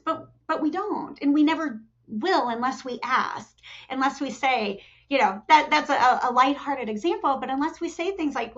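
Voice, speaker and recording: A middle-aged woman talks as a podcast guest, her fairly high voice jumping up when she acts out quotes. She restarts often and leans on "you know." The recording sounds a bit dull and lo-fi. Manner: animated storyteller, acts out quotes with jumps in pitch. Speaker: talent development executive, podcast guest. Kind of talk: conversational interview.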